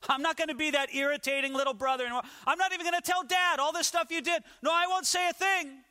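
A man's voice: extremely high pitch, quick pace, bright, forceful tone, long reverb tail, pitched above the performer's own voice, exaggerated voice. A male preacher voicing a desperate young man trapped in a pit, pleading frantically for help.

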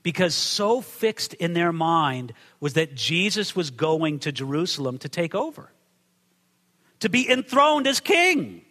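A man preaching a sermon, reading scripture and acting out the quotes with sudden shouts and hushed drops. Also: big-room sound. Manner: dramatic, acts out quotes with big swings in pitch and volume. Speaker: pastor. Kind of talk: expository sermon.

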